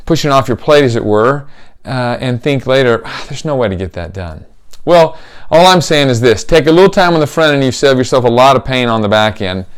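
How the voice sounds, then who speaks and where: Lively-voiced man giving workplace advice. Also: medium pitch, brisk, clear, resonant tone. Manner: conversational, acts out office exchanges with lively shifts. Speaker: business trainer. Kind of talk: short workplace advice talk.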